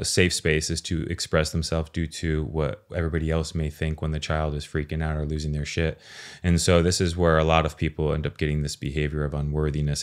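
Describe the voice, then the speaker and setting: A man speaking as a podcast guest in a casual, earnest and expressive way, swearing now and then. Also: very deep voice. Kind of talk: casual conversation.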